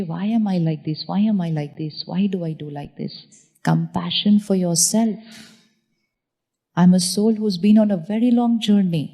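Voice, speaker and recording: A woman giving a spiritual talk to an audience, calmly guiding them through repeated affirmations. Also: fairly low pitch. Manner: calm, repetitive, guiding affirmations. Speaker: spiritual teacher.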